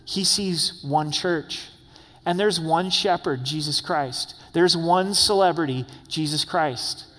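A man's voice: on the high side, slow, fairly bright tone. A male pastor delivering a sermon, reading scripture aloud verse by verse and addressing the congregation directly with light humor. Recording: long echoey hall reverb.

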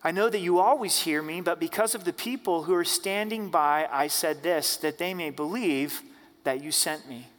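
A man preaching an Easter sermon as pastor, reading scripture aloud and then preaching on it with measured emphasis. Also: on the high side, a bit bright. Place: church sanctuary. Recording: church hall with long reverb.

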